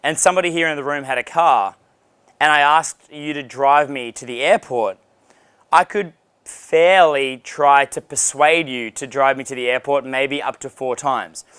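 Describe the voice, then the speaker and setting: A man's voice: medium pitch, normal speed, a bit bright, clean tone, no room sound. Blunt, profane man giving a dating lecture. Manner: blunt, profane, acts out dialogues. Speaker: dating coach. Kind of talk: seminar lecture.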